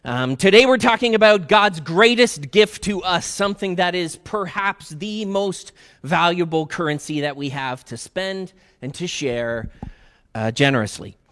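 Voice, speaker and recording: Preaching in a church sanctuary, a man with a high, animated, fairly bright voice takes his time as he tells stories to his congregation. His sermon is chatty and upbeat, aimed straight at the listeners, and the hall adds long reverb.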